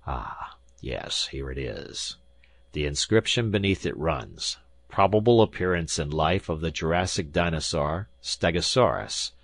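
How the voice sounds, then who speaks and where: A man's voice: extremely low pitch, vocal fry, no room sound, full character voice. A man voicing an arrogant, bombastic older professor who lectures with scorn. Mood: smug.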